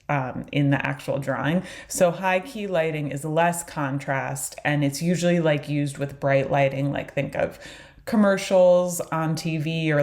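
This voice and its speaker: A woman teaching an online beginner drawing lesson, explaining in a relaxed way with frequent fillers. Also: low-pitched. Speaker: art teacher.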